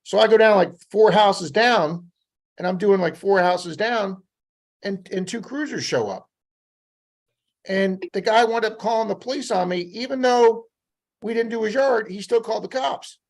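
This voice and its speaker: A man from Florida, a metal detecting guest, telling rambling, animated stories and acting out what people said. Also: high-pitched, normal speed. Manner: rambling, animated anecdotes with acted-out quotes. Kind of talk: casual storytelling on a live podcast.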